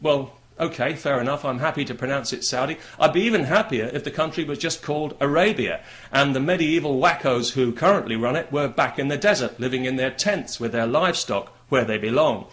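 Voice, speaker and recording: A man's voice: mid-range voice, fairly quick, a bit bright. Sarcastic British man ranting to camera. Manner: sarcastic, combative, mocking. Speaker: political commentator. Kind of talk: monologue commentary to camera.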